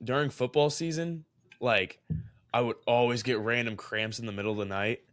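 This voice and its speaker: A young man co-hosts a podcast, telling a story with lively energy and breaking into laughter often. His voice sits at a middle pitch and is recorded close and dry, with no room around it. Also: moderate pace, no echo. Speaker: podcast co-host. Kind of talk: casual chat, reading a story aloud.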